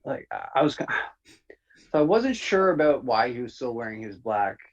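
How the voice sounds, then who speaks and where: A man co-hosting a review podcast in a casual chat, talking in a relaxed, hesitant way with many fillers. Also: mid-range voice, moderate pace. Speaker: podcast co-host. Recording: dull lo-fi audio.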